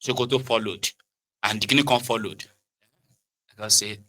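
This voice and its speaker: Nigerian male commentator, lively code-switching rant, tense bright tone. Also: fairly low pitch, normal speed, rough recording. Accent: Nigerian, Yoruba-inflected Pidgin English. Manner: animated, switches between pidgin, Yoruba and English, mimics others. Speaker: political commentator. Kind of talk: casual political commentary.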